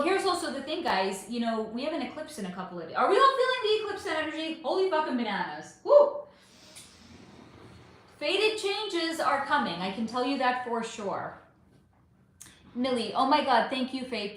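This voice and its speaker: Her voice on the high side, a woman who does spiritual readings chats with livestream viewers in an echoey room. Lively and talkative, she reads names from the comments, responds to them, and swears and exclaims along the way.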